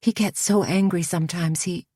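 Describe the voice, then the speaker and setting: A woman voicing a frail, frightened young woman who speaks softly and shakily in a storybook reading. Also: fairly low pitch, steady tone, moderate pace, dry recording, clean studio sound, close to an everyday voice. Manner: soft, shaky and hushed.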